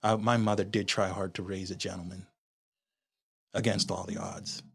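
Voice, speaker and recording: A low-voiced man from Honduras shares a personal story as a podcast guest. His tone is husky and slightly breathy, and he speaks candidly and reflectively, often restarting a thought mid-sentence. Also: flat delivery, moderate pace.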